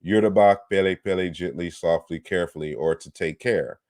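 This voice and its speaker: A man with a very low voice gives a lecture, reading out word lists and explaining sound changes. He sounds close to the mic in a dead, dry room, and gets pointed and combative when he takes on critics. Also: moderate pace, a little mellow, no room sound. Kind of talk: online lecture on historical linguistics.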